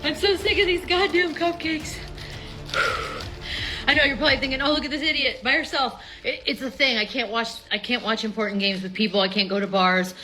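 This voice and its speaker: A woman in her fifties, out of breath and excited, talking fast and swearing as a sports fan on a live stream. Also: fairly high pitch, soft background music, rough recording. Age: 50s. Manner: excited, swearing, laughing between lines.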